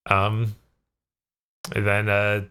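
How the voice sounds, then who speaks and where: A man's voice: on the low side, monotone, drawn-out words, pushed and bright, clear, resonant tone. A man co-hosting a casual podcast, recapping loosely with lots of fillers and easy laughter. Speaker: podcast co-host.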